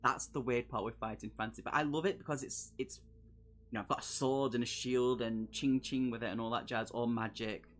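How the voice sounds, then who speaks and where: A man's voice: medium pitch, steady tone, fairly quick, a little hiss or hum. Chatty man streaming a gamebook. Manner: chatty and jokey, laughing asides between read passages. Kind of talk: live solo gamebook playthrough.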